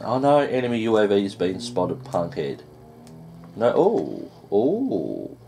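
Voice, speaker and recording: Man, gameplay commentary, lively swooping pitch, excitable and swearing. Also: unhurried, vocal fry, soft background music. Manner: excitable, swears and groans at setbacks. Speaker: gaming YouTuber.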